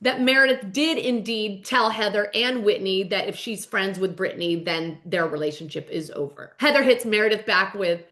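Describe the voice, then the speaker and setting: A woman's voice: medium pitch, moderate pace, few pauses, a bit bright. A woman hosting a show, giving a chatty, dramatic recap of a reality series and swearing freely. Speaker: host. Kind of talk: casual reality-TV recap commentary.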